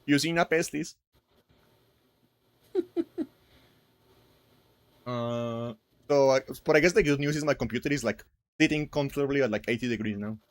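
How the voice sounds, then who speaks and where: A man's voice: mid-range voice, expressive, normal speed, long pauses, no echo. Giggly young man rambling casually. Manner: rambling, giggly, heavy use of "like". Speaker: podcast co-host. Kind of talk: casual chat.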